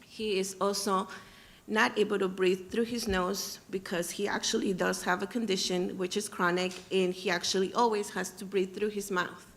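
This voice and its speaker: A mother stands at the podium of a public meeting room and speaks plainly to the school board. She hesitates often and fills gaps with small pauses, and her voice sits at a middle pitch. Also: little pitch movement. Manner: plain, slightly halting, with fillers. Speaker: parent speaking at public comment.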